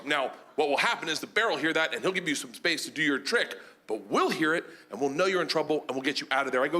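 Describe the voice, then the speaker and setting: A man doing stand-up, telling a wild story in a loud, animated way, jumping into shouts on the punchlines, recorded live on a club stage. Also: on the high side, quick pace, few pauses. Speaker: stand-up comedian. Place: comedy club stage before a laughing audience. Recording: live club recording with audible audience noise.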